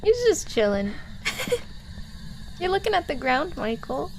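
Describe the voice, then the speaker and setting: Giggly high-voiced woman streamer. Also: sing-song, slow pace, gravelly, noisy background. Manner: giggly, teasing, guides teammates. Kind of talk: casual gameplay chat.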